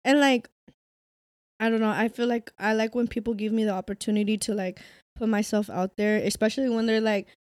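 A woman's voice: on the high side, steady tone, brisk, a little mellow, no echo, studio quality. A young woman guest on a podcast, chatty and giggly. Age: young adult. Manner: giggly, chatty, lots of fillers. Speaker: guest singer. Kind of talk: casual chat.

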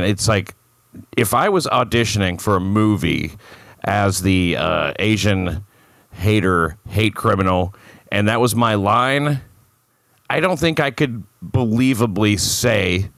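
A man's voice: on the low side, a bit bright, no room sound. A man guesting on a podcast, reading crime news aloud with dry, sardonic asides in casual banter.

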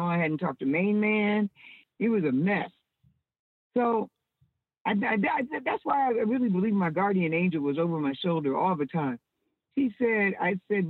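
A woman's voice: mid-range voice, husky, no room sound. A woman telling stories as an interview guest, rambling and restarting her words over a phone line. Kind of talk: casual storytelling. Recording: tinny dry phone line.

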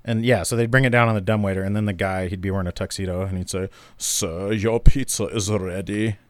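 A man's voice: low-pitched, little pitch movement, rapid-fire, smooth, dry recording. A man from New Mexico co-hosting a casual chat, rambling through stories with lots of fillers. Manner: rambling, filler-heavy storytelling. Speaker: podcast co-host.

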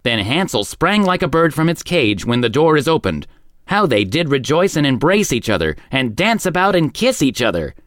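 A man narrating a fairy tale in an expressive storyteller's manner. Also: a little high, normal speed, no room sound. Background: background music.

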